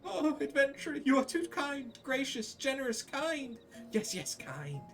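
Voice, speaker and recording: A cowering little kobold frets and pleads, repeating itself as its voice climbs into high, panicky wails, as a man reads the game lines aloud. The delivery swings widely in pitch. Faint music plays underneath. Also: sing-song, measured pace, gravelly, far from the mic, full character voice. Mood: pleading. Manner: repetitive, wailing, pleading, pitch jumping high. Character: fretful cowering kobold, male, small. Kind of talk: reading game dialogue aloud.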